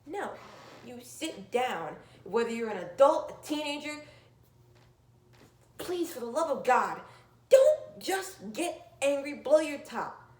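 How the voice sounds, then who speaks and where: A woman giving an earnest, emphatic motivational talk that swings from loud urging to soft, near-whispered lines. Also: high voice, sing-song, slow, pauses often, reverberant, a little hiss or hum. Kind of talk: motivational monologue.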